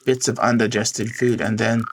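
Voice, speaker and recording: A man streaming a visual novel, reading it aloud dramatically with excited outbursts. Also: medium pitch, normal speed, background noise. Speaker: game streamer. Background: game music.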